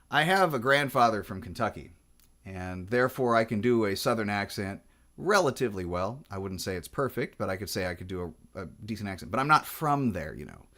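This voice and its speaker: A man's voice: fairly low pitch, a bit bright. A man with a Pacific Northwest accent chatting casually about guitars in a digressive way, full of restarts and fillers. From Washington State. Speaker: guitar vlogger. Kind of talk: rambling casual chat.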